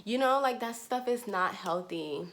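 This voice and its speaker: A woman's voice: a little high, expressive, measured pace, a bit bright. A young woman, a nursing student, talking casually to her viewers, full of "like" and "you know". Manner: chatty, heavy use of "like" and "you know". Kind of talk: casual storytelling to camera.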